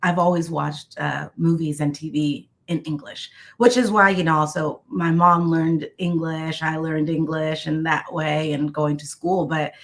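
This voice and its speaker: Low-voiced Mexican woman, reflective guest. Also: steady tone, unhurried, hardly any pauses. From Tijuana, Mexico. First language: Spanish. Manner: reflective, many fillers and restarts. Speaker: costume designer, guest. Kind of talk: casual interview.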